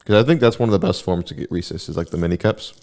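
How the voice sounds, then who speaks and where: Deep-voiced man in casual podcast chat. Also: fast talker, darkish tone. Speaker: podcast co-host.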